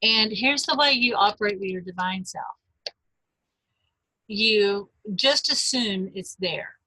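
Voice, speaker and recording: A woman in her fifties, a life coach giving a webinar, earnest and gentle, speaking straight to her listeners. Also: mid-range voice, slow pace, no echo, low-quality recording.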